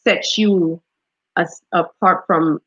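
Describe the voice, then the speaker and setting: A woman's voice: fairly low pitch, fairly even intonation, slow pace, a bit bright, breathy edge, no room sound, highs cut off. A woman hosting an interview, asking questions and sharing her views in an encouraging, conversational way. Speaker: interview host. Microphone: video call.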